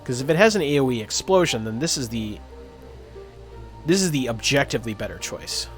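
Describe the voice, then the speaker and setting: A man's voice: medium pitch, lively intonation, brisk, faint music behind. A man streaming a role-playing game live, chatting casually with lots of fillers and reading game text aloud. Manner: rambling, lots of uhs and ums.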